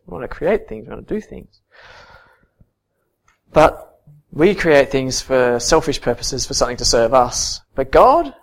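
A man preaching a sermon and reading scripture, earnest, swinging from soft to emphatic. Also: mid-range voice.

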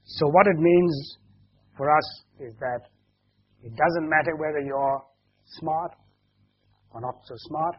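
Man, pastor, children's story, unhurried, quizzes the kids, dull lo-fi sound. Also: fairly high pitch, husky. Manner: asks the children questions as he goes; slow and explanatory. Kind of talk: children's story in a church service. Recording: dull lo-fi recording.

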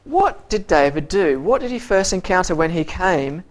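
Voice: mid-range voice, sing-song. A teacher giving an interactive Bible story lesson, acting out characters' lines in quoted voices, quizzing the listeners, and often repeating words while searching for the next phrase. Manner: halting, with frequent repeated words.

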